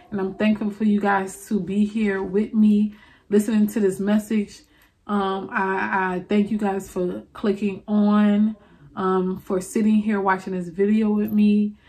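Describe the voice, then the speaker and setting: Chatty New Orleans woman in her late twenties. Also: medium pitch. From New Orleans, USA. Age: 20s. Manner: chatty, rambling, many fillers and restarts, addresses listeners as y'all. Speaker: podcast host. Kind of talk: casual solo confessional talk.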